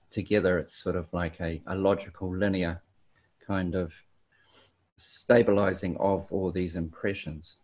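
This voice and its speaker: A man from New Zealand speaking on a panel over a video call, explaining ideas thoughtfully with many pauses and ums. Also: deep voice, a little mellow. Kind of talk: slow reflective explanation. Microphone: video call mic. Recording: dull lo-fi video call audio.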